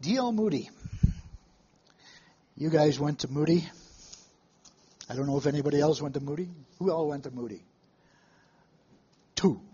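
A man preaching a sermon to a live congregation, telling stories in a folksy way with halting restarts and questions to the room. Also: a little high, animated, warm tone, breathy edge, lo-fi sound.

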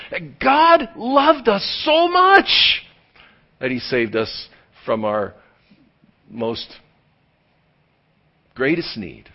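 A man preaching a sermon as pastor, swinging from loud emphatic lines to hushed near-whispers and drawing key words out slowly. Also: medium pitch, husky. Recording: dull lo-fi sound.

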